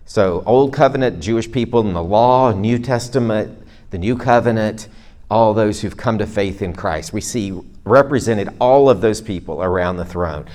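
A middle-aged man delivers a sermon in a loose, conversational manner, talking straight to his congregation. His voice sits a little low. He drops in self-deprecating jokes and asides as he goes. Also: normal speed, a little mellow. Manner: speaks to a live congregation. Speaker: preacher.

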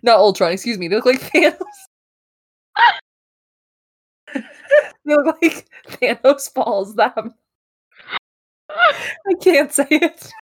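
Giggly woman cohost, kinda high voice, slow and bouncy, cracks herself up. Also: sing-song, dry recording, studio quality. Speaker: podcast co-host. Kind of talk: casual chat.

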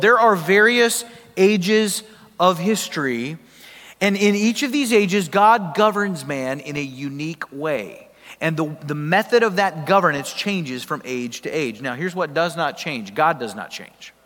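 A pastor preaching a sermon in a conversational, emphatic way, asking the congregation questions. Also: male voice, a little high, expressive, unhurried, a bit bright. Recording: long hall reverb.

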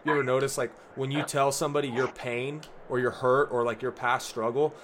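A young man co-hosting a casual talk about faith, earnest and relaxed, saying "like" often. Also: mid-range voice, brisk, noisy background. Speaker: podcast co-host.

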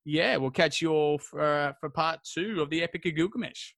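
A podcast host, a man, retelling an old epic in a rambling, crude, jokey way, slipping into quick voices for the characters. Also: on the high side, vocal fry, a bit bright, dry recording. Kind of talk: casual storytelling chat.

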